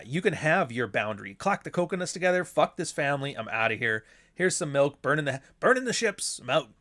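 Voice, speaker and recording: A man's voice: fairly high pitch, fairly bright tone. A man hosting a casual livestream, talking bluntly and sardonically with plenty of swearing, asking and answering his own rhetorical questions while reading chat messages.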